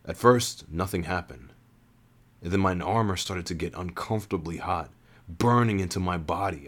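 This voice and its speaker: Low-voiced man reading a first-person story. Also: normal speed. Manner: earnest, with frequent restarts and rereads.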